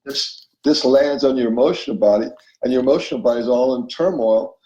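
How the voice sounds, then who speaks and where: A man's voice: mid-range voice, a little fast, mellow, echoey room, muffled recording, a little hiss or hum. A man as an interview guest, explaining spiritual self-help ideas and checking in often with his listener. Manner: explanatory, acts out inner voices, checks in with listener.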